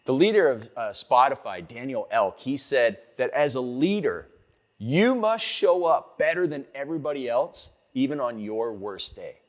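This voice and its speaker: A man's voice: mid-range voice, expressive, normal speed. A middle-aged man, a success coach, giving a motivational talk with emphatic, punchy repetition.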